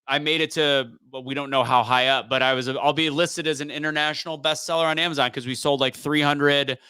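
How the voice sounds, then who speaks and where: Smooth bright man, dry close sound. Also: a little high, fairly even intonation, a little fast, dry recording. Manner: rambling, restarts, teasing. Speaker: show host. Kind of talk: casual live-stream chat.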